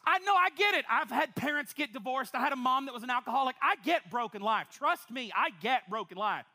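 A woman preacher, high-pitched and very bright, her voice leaping up and down as she delivers a lively sermon. She teases the congregation with quick asides between points. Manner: animated, playful preaching with quick asides and laughter. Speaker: pastor. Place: church before a congregation.

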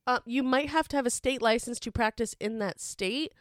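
Smooth-voiced, chatty female podcast co-host. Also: fairly high pitch, normal speed, no echo, studio quality. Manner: chatty, filler-heavy. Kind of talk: casual chat.

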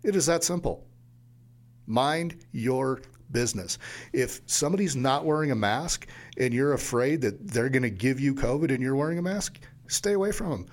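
A man's voice: mid-range voice, animated, moderate pace. A man co-hosting a casual chat show, telling stories in a blunt and emphatic way.

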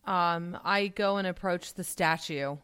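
Hesitant woman player, smooth voice. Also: fairly low pitch, a little slow, a bit bright. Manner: hesitant, with ums and restarts. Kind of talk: casual play.

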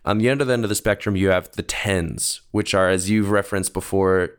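A man's voice: sits low, steady tone, a little fast, clear, resonant tone. A young man co-hosting a film podcast, talking casually in a rambling way full of "like" and "um". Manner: rambling, full of "like" and "um", laughs easily. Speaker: podcast co-host.

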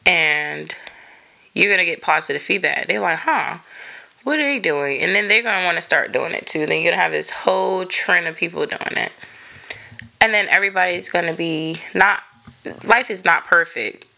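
A woman's voice: on the low side, fairly even intonation, moderate pace, gravelly, bright, forceful tone. A woman in her thirties hosting a podcast, talking casually and encouragingly with lots of filler words. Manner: chatty, many "like" fillers, encouraging. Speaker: podcast host. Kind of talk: casual motivational monologue.

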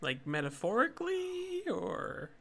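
Bright, wry co-host. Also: medium pitch, huge pitch swings, vocal fry. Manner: wry, quick interjections. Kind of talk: casual chat.

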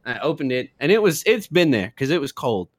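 Young man, podcast co-host, giggly, lively pitch, dry close sound. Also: quick pace, no echo. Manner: giggly, laughs through his own story. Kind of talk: casual podcast chat.

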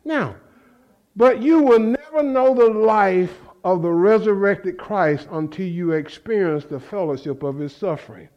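A man with a high-pitched, slightly mellow voice preaches fervently and conversationally at a moderate pace with few pauses. He repeats phrases and calls out to the congregation in call-and-response fashion, and the audio's highs are cut off.

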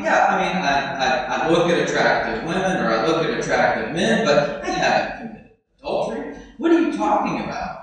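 A man's voice: medium pitch, a bit bright. A man preaching a sermon in a conversational way, acting out the crowd's startled reactions. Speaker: pastor. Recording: echoey hall with long reverb.

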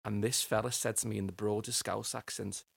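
A middle-aged man rambles through a memory, repeating words as he goes. His voice is low, gravelly and husky, recorded dry and close on a podcast mic. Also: little pitch movement, fairly quick, no echo. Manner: rambling, repeats words while finding them. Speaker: podcast guest. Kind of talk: personal storytelling interview.

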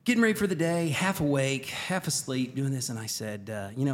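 A middle-aged man co-hosting a podcast, casually telling a story in an animated way, laughing and acting out quoted lines. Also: mid-range voice, a little fast, few pauses, a little hiss or hum. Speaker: podcast co-host.

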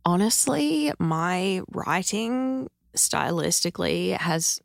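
Australian woman guest, slow unhurried delivery, modest, chatty podcast interview. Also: fairly low pitch, animated, creaky, no room sound, clean studio sound. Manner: thoughtful, modest, laughs easily. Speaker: songwriter guest.

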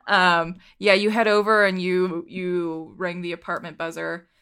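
A woman's voice: lowish voice, level tone, measured pace, a bit bright, clean tone. A woman narrating a tabletop game as game master, casual and rambling.

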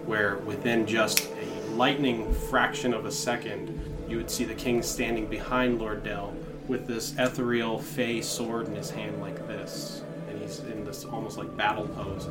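A man narrating a tabletop game as the game master, describing the scene at length with fillers. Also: on the low side. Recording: music playing behind. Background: music.

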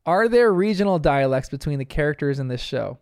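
A man's voice: a little high, animated, brisk, smooth, no room sound, clean studio sound. A young man from New Jersey hosting a casual cartoon review, chatty and laughing often at his own asides. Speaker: podcast host reviewing a cartoon. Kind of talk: casual episode commentary.

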